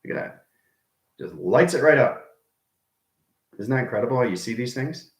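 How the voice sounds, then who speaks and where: A man's voice: mid-range voice, animated, normal speed, echoey room. A man giving a rambling, enthusiastic livestream talk to his viewers, repeating himself and dropping into whispers now and then. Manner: enthusiastic, repetitive, drifts into whispers. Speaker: online spiritual teacher.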